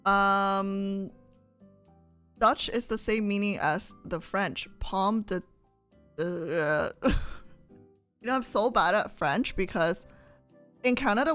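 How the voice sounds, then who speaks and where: A young woman streams and chats casually, reading out her viewers' comments and answering them. She laughs often and keeps turning to her audience with questions. Her pitch sits in an ordinary middle range. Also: a bit bright.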